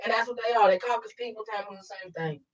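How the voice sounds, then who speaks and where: A woman's voice: mid-range voice, fast, dull audio. A woman co-hosting a podcast, reacting bluntly and emphatically with casual profanity. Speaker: podcast co-host.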